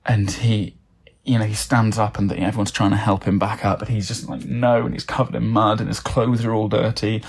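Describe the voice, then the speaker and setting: A man's voice: on the low side, level tone, a little fast, creaky, slightly rough. A man improvising a comic story, rambling with lots of fillers and restarts.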